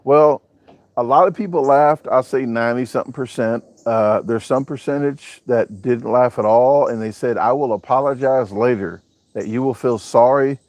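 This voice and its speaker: A man's voice: mid-range voice, normal speed, darkish tone, no echo. A man, hosting a casual live chat, reading out viewer comments and joking as he rambles. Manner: joking, rambling, with a southern-US way of talking. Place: home, showing a backyard on camera.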